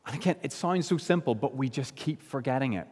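A man from Northern Ireland preaching a sermon, earnest, slowing and dropping low on key phrases. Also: animated, a little mellow, slightly rough. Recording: long hall reverb.

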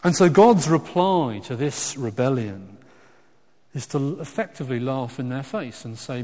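Male preacher, mid-pitched, animated delivery with restarts, long hall echo. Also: slow. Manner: animated and emphatic, swinging between loud exclamations and quiet asides; frequent restarts and stumbles. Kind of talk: sermon.

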